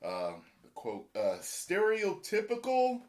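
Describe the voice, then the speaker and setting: A man's voice: high voice, wildly swooping pitch, takes it slowly. A man hosting a reaction video, chatting casually and animatedly with fillers.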